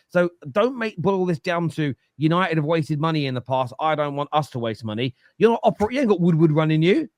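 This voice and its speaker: A man's voice: fairly high pitch, dry recording, clean studio sound. A man giving football opinions on a fan show, emphatic and lecturing, often repeating himself. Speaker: football pundit. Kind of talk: animated football opinion talk.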